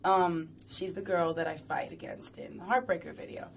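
A woman's voice: lowish voice, steady tone, normal speed, gravelly, a little hiss or hum. A woman talking casually and playfully in an interview, rambling and chatty with lots of fillers.

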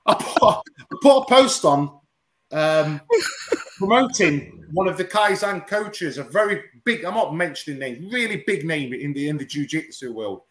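A man's voice: a little high, animated, measured pace, a bit bright. A man, a martial arts guest on a talk show, telling stories in casual banter, swearing, mimicking people and laughing often.

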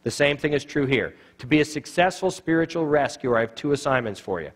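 A man's voice: a little high, brisk. A middle-aged man teaching evangelism at a church, telling stories and acting out the dialogue. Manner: animated storyteller acting out dialogue. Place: church sanctuary.

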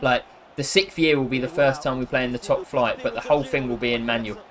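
A young man giving excitable, jokey live commentary on a football video game, cheering and scolding the players. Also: mid-range voice, fast talker, a crowd in the background. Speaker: gaming YouTuber.

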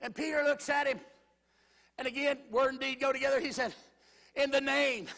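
A man preaching a Pentecostal sermon as a guest speaker, swinging between shouted declarations and quiet storytelling. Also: very high-pitched, steady tone, moderate pace, vocal fry. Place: large church sanctuary. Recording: church hall with long reverb.

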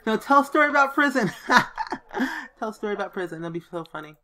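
Fast and animated, a woman with a medium-pitched, sharp-toned voice casually narrates her life-simulation gameplay as a let's play host. She reads the options out and voices the characters for fun.

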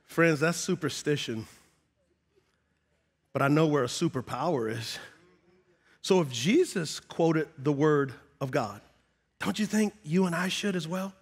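A high-pitched middle-aged man delivers a sermon in a large church sanctuary. He talks right to the people in front of him and swells to loud, shouted emphasis. His voice carries a long reverb from the hall. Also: lively intonation, a little slow, pauses often, breathy edge. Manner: preachy, builds to shouting, call-and-response asides. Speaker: pastor.

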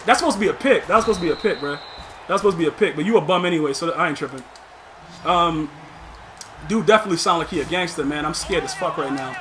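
A man giving casual, slangy live commentary over a video game, excitable and mocking, laughing often. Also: fairly high pitch, fast talker, noisy background. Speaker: gaming YouTuber.

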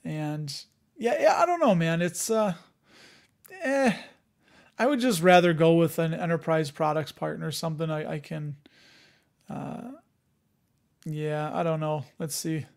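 A man's voice: on the high side, unhurried, gravelly, pauses often. Chatty man hosting a live stream. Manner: chatty, self-joking, thinks aloud with many fillers. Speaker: host of a dividend investing live show. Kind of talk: casual live-stream chat, answering viewer comments.

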